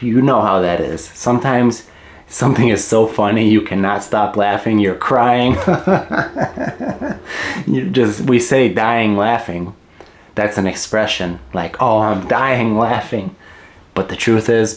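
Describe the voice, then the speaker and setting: Man, middle-aged, English teacher, casual lesson, unhurried, repeats words, jokey. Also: on the low side. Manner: repeats key words slowly, chuckles, jokey asides.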